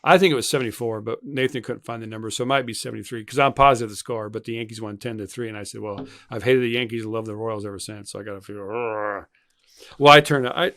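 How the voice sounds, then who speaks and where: A man's voice: on the low side, steady tone, fast, a bit bright, no echo, studio quality. An older man co-hosting a podcast in casual chat, rambling and restarting his sentences. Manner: rambling, restarts and repeats himself. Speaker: podcast co-host.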